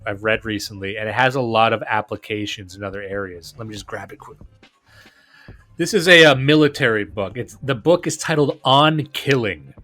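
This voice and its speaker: A man's voice: mid-range voice, fairly bright tone. A man hosting a podcast, talking casually and enthusiastically, often restarting and repeating words. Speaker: podcast host.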